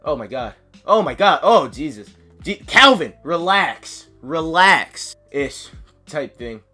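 A man giving excitable live gameplay commentary, yelling, chanting cheers and talking himself through nervous moments. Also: fairly high pitch, slow, faint music behind. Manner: yells and chants, sings cheers, flustered self-talk. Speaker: gaming commentator.

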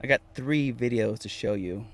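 A man's voice: mid-range voice, normal speed. A man hosting a casual live stream from inside his van, reading viewer comments aloud and repeating phrases playfully. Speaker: vanlife livestream host.

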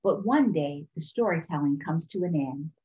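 A woman reading a children's picture book aloud for storytime in a calm, expressive way. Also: low-pitched, moderate pace, dull audio. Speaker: storytime reader.

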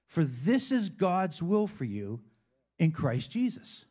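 A man's voice: fairly high pitch, very animated, slow pace, a little mellow, slightly rough. A man preaching a sermon as a pastor, talking in a conversational way with frequent asides and call-and-response with the congregation.

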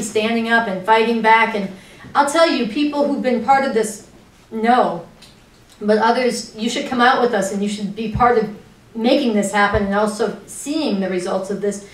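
A fairly high-voiced woman speaks as an activist, urgent and earnest as she tells one story after another. The sound comes from a room with noticeable echo, picked up from some distance off the mic. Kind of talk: impassioned spoken talk.

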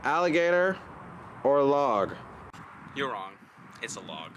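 A man's voice: mid-range voice, very animated, slow, pauses often, fairly bright tone, slight background noise. A young man vlogging casually while walking through an outdoor park, joking and ranting in mock exasperation.

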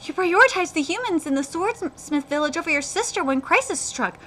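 A woman's voice: very high voice, expressive, fairly quick, fairly bright tone, pitched above the performer's own voice. A woman reading aloud the lines of a weeping, solemn giant monk swordsman, in her own everyday voice. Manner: reads manga dialogue aloud in her own voice.

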